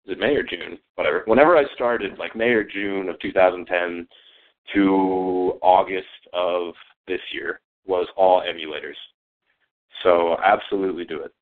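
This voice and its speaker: A man's voice: low voice, steady tone, moderate pace. A man being interviewed in a casual online chat, joking and easily sidetracked, heard over a call. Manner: joking, easily distracted, playful. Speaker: interviewee, Let's Play creator. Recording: tinny phone-like call audio.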